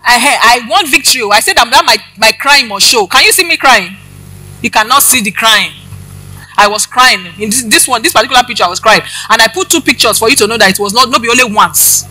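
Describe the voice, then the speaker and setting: A woman's voice: fairly high pitch, fairly quick, pushed and bright, poor audio. A woman preaching, giving a personal testimony and addressing the congregation directly with questions.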